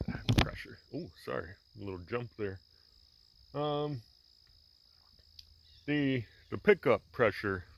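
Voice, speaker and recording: A man's voice: fairly low pitch, slight background noise. A man chatting casually about farm chores as he walks outdoors, filming on a handheld camera, with plenty of fillers and restarts. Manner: relaxed, rambling, many fillers and restarts. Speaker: farmer vlogger. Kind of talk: casual walk-and-talk narration.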